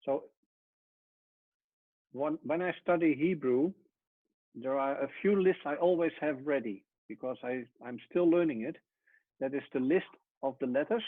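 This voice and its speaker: A man teaching a Hebrew lesson at a whiteboard, explaining step by step and often trailing off softly. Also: on the high side, measured pace, pauses often, no echo. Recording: tinny phone-like sound.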